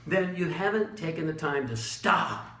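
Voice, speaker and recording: A man delivers a blunt, animated motivational talk on leadership, leaning into his points with chuckles and dramatic pauses. His voice sits a little high for a man. The recording carries a noticeable roomy echo. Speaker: motivational speaker and leadership coach. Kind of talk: motivational monologue.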